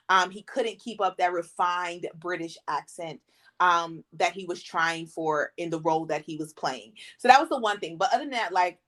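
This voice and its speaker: A woman co-hosting a movie podcast, giving her opinion in a rambling way with lots of ums. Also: medium pitch. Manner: rambling, many ums, lively quoting. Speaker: podcast co-host. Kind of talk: casual chat.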